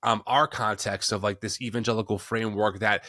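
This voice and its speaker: A man's voice: on the low side, level tone, a little fast, sharp tone, no room sound, clean studio sound. A man hosting a podcast interview who asks questions reflectively, thinking aloud with restarts. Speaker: podcast host. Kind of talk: conversational interview.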